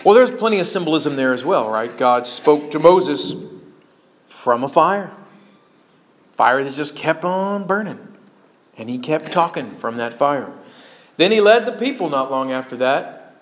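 A man preaching a sermon as pastor, animated and breaking into joking asides to his congregation. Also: a little high, a little slow, pauses often. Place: church sanctuary. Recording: dull lo-fi sermon recording.

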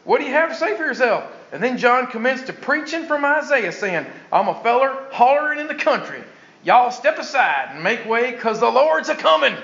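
A man's voice: very high voice, sing-song, moderate pace, gravelly, a bit bright, roomy sound, voice pushed up, full character voice. A man voicing a folksy rural Southern storyteller, drawling in a Southern US accent. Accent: Southern US rural, put on. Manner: drawling, homespun, leisurely. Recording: dull lo-fi recording.

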